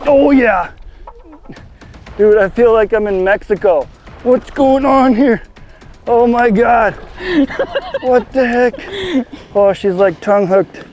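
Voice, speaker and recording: This angler's high, darkish voice moves slowly, with frequent pauses, and faint music plays behind him. Fishing from a kayak on an outdoor lake for a video, he chatters excitedly, laughing and exclaiming giddily at each catch.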